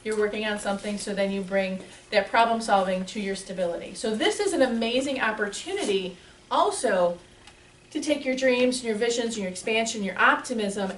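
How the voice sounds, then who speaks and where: A woman teaching a small gathering in a lively, chatty way, laughing often as she talks. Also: medium pitch. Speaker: spiritual teacher. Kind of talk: lively talk to a live audience. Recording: echoey room, mic far off, faint hiss.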